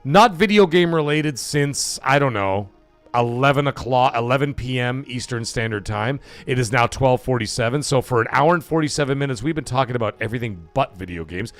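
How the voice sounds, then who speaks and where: A man's voice: medium pitch, brisk, faint music behind. A man hosting a live stream, chatting casually and rambling, with frequent swearing. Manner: profane, rambling, animated.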